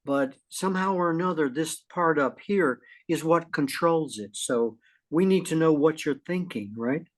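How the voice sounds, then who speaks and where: A middle-aged man co-hosting a casual talk show, folksy and lively, often clearing his throat. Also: on the high side, moderate pace. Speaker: podcast co-host. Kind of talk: casual conversational chat.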